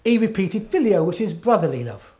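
A man's voice: sits high, very animated, a little fast, darkish tone. A man preaching a sermon in an earnest, emphatic way, often checking in with his listeners.

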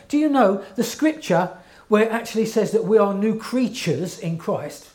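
A man's voice: sits high, lively intonation, moderate pace, a little mellow. A man preaching a sermon in an earnest, emphatic way, often checking in with his listeners.

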